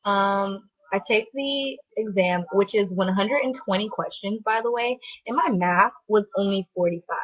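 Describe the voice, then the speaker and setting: A young woman telling a personal story to camera in a chatty, animated way, full of "like" fillers. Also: mid-range voice, normal speed, few pauses. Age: young adult. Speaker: vlogger. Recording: dull lo-fi sound.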